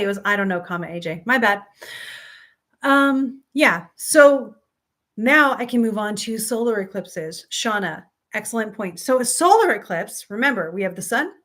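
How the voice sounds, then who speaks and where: An upbeat woman hosts a relaxed live stream and teaches astrology in a friendly, talkative voice of middle pitch. She answers viewers by name as she explains, with plenty of ums and easy laughter. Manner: chatty, upbeat, reads out viewer comments, frequent ums and laughs. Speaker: astrology teacher and livestream host.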